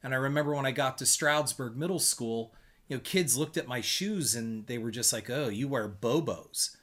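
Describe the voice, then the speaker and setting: A man in his fifties chatting with his spouse, a dry, teasing, unhurried storyteller. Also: medium pitch, a bit bright.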